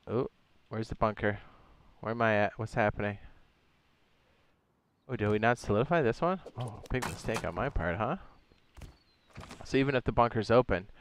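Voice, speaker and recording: There's slight background noise behind this man's lowish voice as he streams a building game. He talks casually to his viewers, wandering a little and peppering in slang like "my guy" and "dog."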